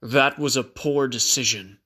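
A man's voice: medium pitch, unhurried, pushed and bright, slightly rough. A man voicing a stern male warlord general who growls his words in short, clipped lines.

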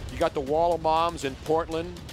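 A man's voice: a little high, steady tone, moderate pace, music in the background. An older man hosting a sports radio show, chatting casually with a joking, teasing manner. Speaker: radio host.

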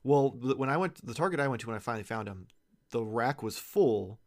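A man's voice: mid-range voice, lively intonation, fairly quick. A man co-hosting a podcast in casual chat, often stammering and repeating words as he starts a thought. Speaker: podcast co-host.

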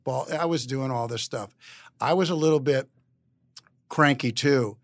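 A man's voice: mid-range voice, measured pace, dry recording. Guy rambling through a story on a podcast, keeps restarting his sentences, dead dry room. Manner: rambling, stop-start delivery with many repeated words. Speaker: guest. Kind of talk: casual anecdotal storytelling.

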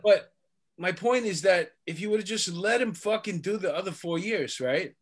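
Brief: salty New co-host, swearing freely, telling animated stories in a slightly raised voice. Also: male voice, high-pitched, moderate pace, breathy edge. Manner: profane, animated storytelling. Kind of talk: casual chat.

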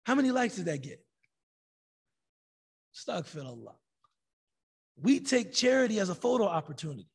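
A man teaching a religious class, telling a story in a lively way and acting out the people in it. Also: high-pitched, moderate pace, gravelly, long pauses, breathy edge. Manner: animated storytelling, acting out quoted voices.

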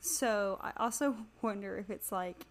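A woman co-host speaks slowly and thinks aloud in an easygoing chat. Her pitch sits in an ordinary middle range. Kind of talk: casual chat.

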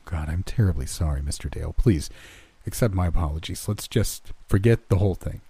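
A man voicing a skeptical young businessman in a horror story reading, with a brisk, blunt manner. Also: low-pitched, dark tone, husky, no echo, exaggerated voice. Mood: apologetic. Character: young male city businessman, skeptical and curious.

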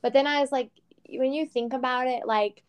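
Chatty higher-voiced woman. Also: fairly even intonation, moderate pace, clean tone. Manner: chatty, frank, swears lightly, laughs often. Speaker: podcast co-host. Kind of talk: casual chat.

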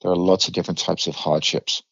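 A man's voice: deep voice, level tone, fast, vocal fry, fairly bright tone, breathy edge, dry recording. A middle-aged man from the United Kingdom with a British accent, a podcast guest telling a story bluntly and vividly, swearing freely. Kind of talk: candid storytelling in a podcast interview. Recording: slightly dull dry recording.

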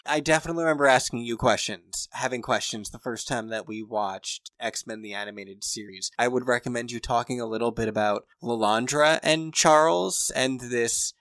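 A man co-hosting a podcast in relaxed, conversational chat. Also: mid-range voice, moderate pace, hardly any pauses, no echo. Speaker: podcast co-host. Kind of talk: casual chat.

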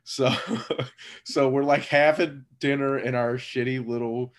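A man in his thirties telling a story in a relaxed, rambling way, full of fillers and laughing at himself. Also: medium pitch, unhurried. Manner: laid-back, rambling with many fillers and frequent laughs. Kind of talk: casual storytelling chat.

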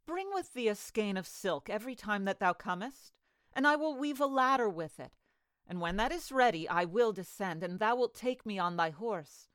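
A gentle young maiden from a fairy tale, read by a woman, speaking earnestly with a lively, rising and falling voice. The sound is close and dry. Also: medium pitch, moderate pace, no echo, natural voice.

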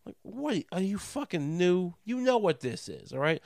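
A man with a somewhat high voice goes on a profane comedic rant. He stammers through restarts and slips into mocking voices he puts on for others. The sound is dry and close, with no room around it. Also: very animated, normal speed, creaky, darkish tone, dry recording.

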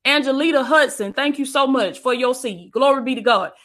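A woman's voice: sits high, brisk, fairly bright tone. A woman preacher giving an emphatic, repetitive livestream sermon, calling her listeners "baby" and thanking viewers between points.

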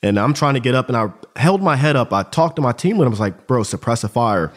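A man guesting on a podcast, telling his story in a loose, animated way and throwing in plenty of slang. His voice sits at an everyday middle pitch, neither deep nor high. The delivery is conversational and rough around the edges. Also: fast talker. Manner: animated, slangy, calls listener dude and bro. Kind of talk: casual war storytelling.

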